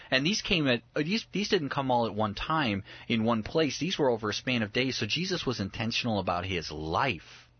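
Guy teaching bible stuff, really emphatic and lively, dry kinda muffled recording. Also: medium pitch, husky, dry recording. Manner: animated, emphatic, acts out scenes with humor.

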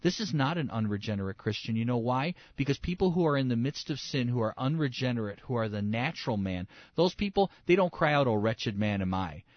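Male pastor, sermon, mid-pitched voice, dry close sound, dull lo-fi recording, dramatic loud and soft swings. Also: lively intonation, a little fast, hardly any pauses, no room sound. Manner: dramatic swings between loud emphasis and soft hushed asides; acts out quoted voices and inner dialogue.

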